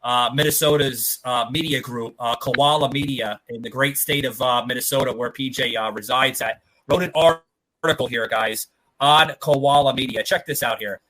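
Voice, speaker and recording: Rambling male podcast host, bright voice. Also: medium pitch, fairly even intonation, moderate pace, low-quality recording. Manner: rambling, many fillers and profanity. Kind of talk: casual podcast chat.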